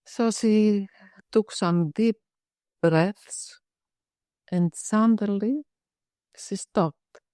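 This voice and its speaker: Slow, measured woman psychiatrist telling a case. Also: medium pitch, mellow, smooth, dry recording, clean studio sound. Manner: slow, measured storytelling with frequent restarts. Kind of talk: case presentation in a webinar. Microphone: video call.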